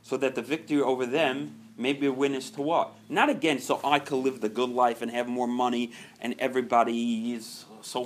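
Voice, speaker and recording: Earnest in tone, this mid-range-voiced man runs a recovery group meeting, shifting from hushed, gentle passages to forceful, loud moments. There's a little hiss or hum in the recording.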